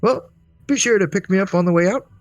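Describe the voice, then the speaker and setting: A man's voice: sits high, fast, no room sound, lo-fi sound, faint music behind, pitched above the performer's own voice. A man voicing a forgetful old male wizard who rambles cheerfully and loses his thread. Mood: musing, cheerful. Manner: rambling, chipper, absent-minded.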